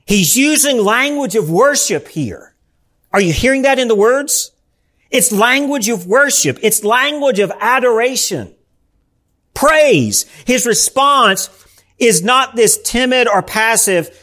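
A man's voice: very high-pitched, lively intonation, slow pace, bright, forceful tone. A male pastor preaching a sermon in church, emphatic and asking the congregation rhetorical questions.

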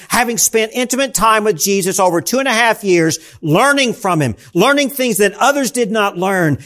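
A man preaching a Bible teaching sermon, slow and emphatic, repeating the key question with dramatic pauses. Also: high-pitched, a bit bright.

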